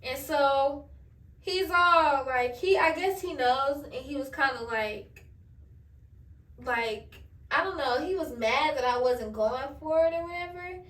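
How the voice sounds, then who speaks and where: A woman's voice: high voice, slow, fairly bright tone, far from the mic. A young woman vlogger, telling a candid storytime full of slang and swearing while she does her hair. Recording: echoey room, voice a bit off-mic.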